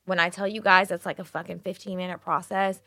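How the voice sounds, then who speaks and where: A woman co-host telling animated, profanity-laced stories in a casual chat. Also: lowish voice, fairly quick, no echo, studio quality.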